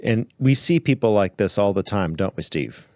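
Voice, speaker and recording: Low-voiced man reading a book aloud. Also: animated, normal speed, a little mellow, no echo. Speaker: podcast host.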